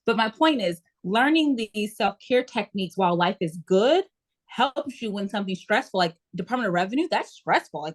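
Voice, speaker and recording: Woman, interview guest, casual chat, acts out her own inner voice, animated storyteller. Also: mid-range voice, a little fast.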